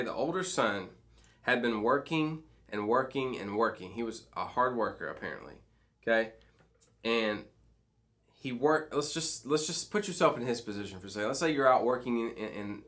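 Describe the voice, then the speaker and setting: A man's voice: on the low side, fairly bright tone. A man leading a devotional for students. He reads scripture and explains it in a conversational way, often checking in with "okay?" and "right?". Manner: frequent restarts and fillers. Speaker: youth pastor. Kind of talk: midweek devotional teaching to students.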